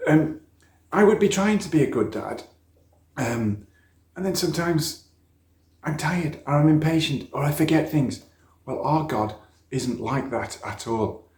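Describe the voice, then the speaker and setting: A man's voice: a little high, lively intonation, a little slow, long pauses, a little mellow. A middle-aged man, telling stories in a sermon for young people. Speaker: speaker at a church youth talk. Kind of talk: storytelling children's sermon. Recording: echoey church room.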